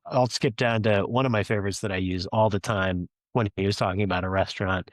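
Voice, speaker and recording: A male podcast host with a low voice, speaking earnestly and with upbeat emphasis. He sounds close and dry, recorded from his office with no room echo. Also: fairly even intonation, a little fast, hardly any pauses. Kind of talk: policy podcast discussion. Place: home office.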